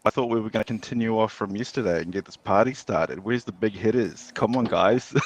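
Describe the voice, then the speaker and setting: A man calling into a live stream, talking casually and rambling with many fillers. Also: fairly low pitch. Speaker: guest caller.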